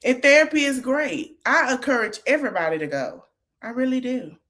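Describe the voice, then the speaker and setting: A chatty woman hosts a podcast, reacting with sass and opinion. Her pitch sits a little high and swings in lively swoops. She sounds casual and animated. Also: brisk. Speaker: podcast host.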